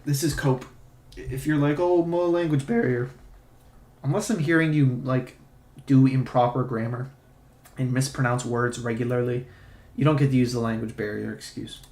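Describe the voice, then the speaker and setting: A man's voice: medium pitch, fairly even intonation, moderate pace, a little mellow. Sarcastic ranting man, roomy sound. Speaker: streamer. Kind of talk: casual live-stream commentary. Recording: roomy echo.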